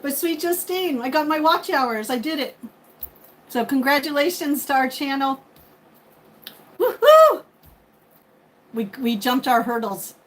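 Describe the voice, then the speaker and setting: A high-voiced woman in her fifties speaks at normal speed while hosting a casual live chat, thanking viewers by name. The recording is rough, with faint background noise.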